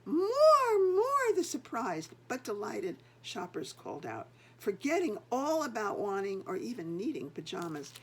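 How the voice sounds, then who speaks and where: A woman's voice: mid-range voice, very animated, normal speed, few pauses, slight background noise. An older woman, a grandmother, reading a picture book aloud and chatting to the children between pages.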